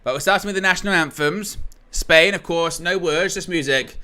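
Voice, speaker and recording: A man's voice: high-pitched, moderate pace, hardly any pauses, pushed and bright, clear, resonant tone. A young man hosting a football watchalong stream, chatting casually and reading out viewer comments with a joking manner. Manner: chatty, jokey, reads chat comments aloud. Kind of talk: casual live-stream chat.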